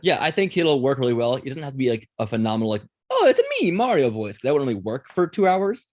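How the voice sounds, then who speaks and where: Host type: a quick-talking man leading a casual podcast chat, close and dry sound. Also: mid-range voice, lively intonation, a little mellow, no echo. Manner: quick, chatty, runs the segments.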